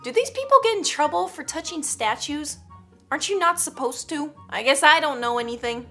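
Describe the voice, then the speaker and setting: A woman's voice: sits high, expressive, fairly quick, pushed and bright, soft background music. A woman hosting a casual reaction video, joking and teasing with frequent giggles. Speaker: YouTube reaction host.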